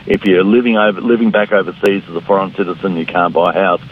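This is a phone-line radio interview with a middle-aged Australian man, a politician guest whose low voice moves fast with fairly even intonation over a little hiss or hum. He speaks bluntly and combatively, mimicking his opponents.

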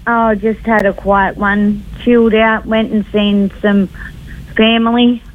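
Slow woman on a phone line. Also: mid-range voice. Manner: relaxed and brief. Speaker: caller. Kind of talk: phone-in chat.

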